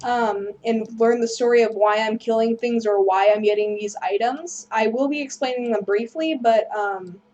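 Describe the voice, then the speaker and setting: A woman's voice: fairly high pitch, normal speed, hardly any pauses, darkish tone. A woman hosting a gameplay video, rambling through casual commentary and apologizing self-deprecatingly. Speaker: gaming video host.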